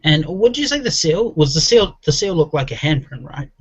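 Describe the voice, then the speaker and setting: A man playing a tabletop game, speaking measured and drily amused. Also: on the high side, sing-song, husky, muffled recording. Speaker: player.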